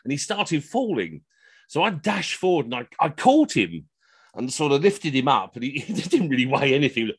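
A middle-aged man telling comic anecdotes on a video call, animated and slipping into funny voices for the people in his stories. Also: mid-range voice, moderate pace, breathy edge. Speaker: costumed Henry VIII entertainer telling stories.

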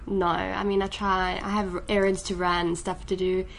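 A woman's voice: medium pitch, little pitch movement, moderate pace, gravelly, a little hiss or hum, low-quality recording. A woman from Johannesburg with a South African accent, chatting as a podcast guest in an office conference room in a composed, matter-of-fact way. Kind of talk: casual podcast chat.

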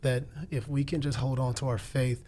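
Earnest young man, flat steady voice. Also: medium pitch, normal speed, a little hiss or hum. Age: 20s. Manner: earnest, preacherly, repeats phrases for emphasis. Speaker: guest. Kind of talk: faith testimony in conversation.

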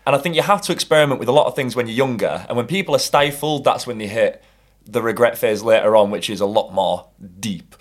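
A man's voice: mid-range voice, quick pace. A man hosting a podcast, asking questions and cracking jokes in casual chat. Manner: jokey, asks questions. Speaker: podcast host.

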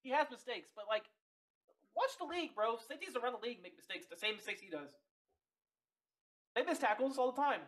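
A young man co-hosting a sports podcast, talking in animated, profane casual chat and laughing often. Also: very high voice, brisk, long pauses. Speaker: podcast co-host.

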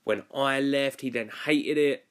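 A man's voice: medium pitch, a little slow, fairly bright tone. A young man telling a story about his cruise ship job in a casual, rambling and chatty way. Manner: rambling, chatty, lots of "like" fillers. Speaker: former cruise ship youth activities worker.

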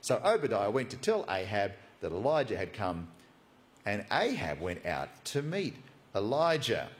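A man preaching a sermon, animated and jokey, acting out the story. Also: on the low side, normal speed. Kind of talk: expository sermon.

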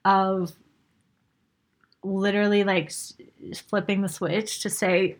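A woman's voice: mid-range voice, little pitch movement, slow pace, pauses often. A woman co-hosting a podcast, chatting in a reflective, thoughtful way with rambling phrases. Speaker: podcast co-host. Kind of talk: casual conversational podcast chat.

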